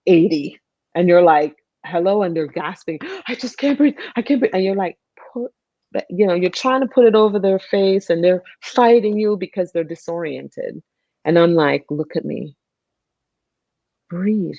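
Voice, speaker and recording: A woman's voice: lowish voice, no echo. A woman who works as a nurse, talking earnestly in a casual conversation and acting out how she coaches patients through their breathing. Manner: earnest, acts out patients and her own calm coaching. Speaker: nurse, guest. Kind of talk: casual conversation on a video call. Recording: dull, muffled video call audio.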